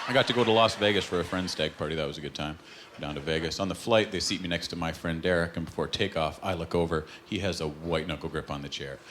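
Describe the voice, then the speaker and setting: A Canadian man doing a stand-up comedy set on a club stage, telling stories with deadpan punchlines. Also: low-pitched, quick pace, background noise. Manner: lively, deadpan punchlines, acted-out quotes. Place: comedy club stage before a live audience. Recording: live club recording with loud crowd. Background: loud audience laughter.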